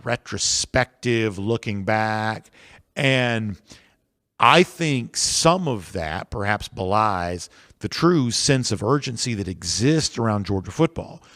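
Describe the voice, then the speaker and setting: A man hosting a sports podcast, talking in a measured, analytical and emphatic way. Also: on the low side, dry recording, clean studio sound. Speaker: podcast host.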